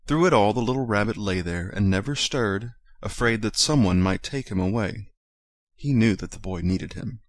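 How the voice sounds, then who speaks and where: A man reading a children's storybook aloud in a gentle, measured way. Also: fairly low pitch, no room sound, studio quality.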